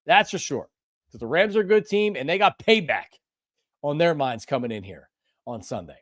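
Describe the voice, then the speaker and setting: An older man hosting a live sports talk stream, passionate and emphatic, repeating himself and at times breaking into shouts. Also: a little high, animated, moderate pace, no room sound. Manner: bursts into shouting. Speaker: sports show host.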